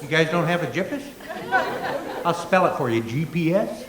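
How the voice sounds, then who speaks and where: A man's voice: fairly high pitch, animated, moderate pace. A man doing a jokey stand-up act on a convention stage, bantering with a live audience. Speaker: comedian. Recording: roomy live venue sound with crowd. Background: audience applause and laughter.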